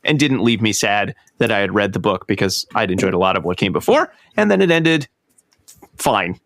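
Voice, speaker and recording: Easygoing guy hosting a podcast, chatty, mid pitch, dry close sound. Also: dry recording. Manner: relaxed, chatty, laughs easily. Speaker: podcast host. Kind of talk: casual podcast chat.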